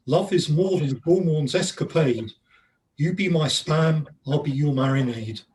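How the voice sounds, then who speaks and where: A man with a slightly raised pitch recites rhyming couplets over a video call. He keeps a steady, rhythmic beat through the verse. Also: unhurried, a little hiss or hum, low-quality recording. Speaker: poet reading his poem. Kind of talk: poetry reading.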